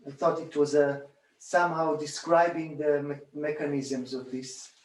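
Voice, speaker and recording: A man calmly teaching a hands-on bodywork technique, demonstrating as he talks and repeating rhythmic sounds while he works. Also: a little high, a little slow. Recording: roomy echo, distant from mic.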